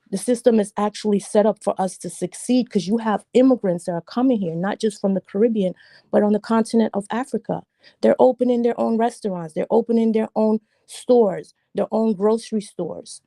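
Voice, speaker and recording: A woman from Jamaica speaks on a livestream discussion panel, pressing her argument hard and hammering it home with repeated phrases. Her voice is warm and mellow. It sounds dry and close, with no room echo. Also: medium pitch. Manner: emphatic, argumentative, repeats points for stress.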